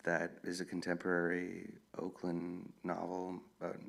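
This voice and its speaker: Gravelly low-voiced man telling stories. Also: moderate pace. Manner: rambling, relaxed storytelling with many fillers. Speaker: author answering audience questions. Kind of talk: casual Q&A talk. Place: live event with an audience.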